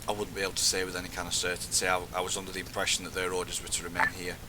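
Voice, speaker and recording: A man's voice: deep voice, monotone, rapid-fire, very noisy. A young man, giving sweary blunt banter as a squad leader in casual gaming chat.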